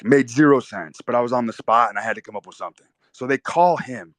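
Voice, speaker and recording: A man's voice: medium pitch, fast, fairly bright tone, no room sound. Dry, profane young man telling a story. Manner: intense, profane, vivid storytelling. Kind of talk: first-person storytelling monologue.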